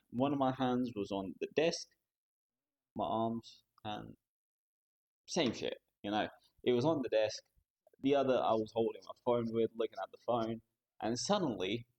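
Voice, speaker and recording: A young man streaming live, chatting casually in a rambling, halting way, often restarting sentences. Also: mid-range voice, a little mellow. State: overheated.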